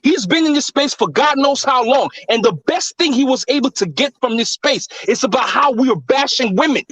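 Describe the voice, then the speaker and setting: A man with a high-pitched voice rants heatedly at his fellow panelists. He swears freely and hammers his point home. The sound is dry and close, with no room echo. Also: lively intonation, fairly quick, fairly bright tone. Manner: heated, profane ranting.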